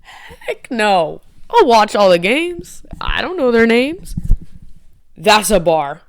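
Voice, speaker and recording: Smooth-voiced young woman, rambling vlog. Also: mid-range voice, expressive, slow, pauses often. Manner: rambling, giggly, self-mocking. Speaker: vlogger. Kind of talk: casual chat to camera.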